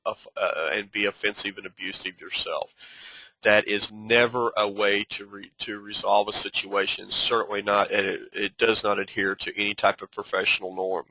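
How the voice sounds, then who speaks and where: A man giving an instructional talk on handling difficult customers, earnest and advising, with frequent halting restarts and fillers. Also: lowish voice, sharp tone, dry recording, rough recording. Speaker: customer service trainer.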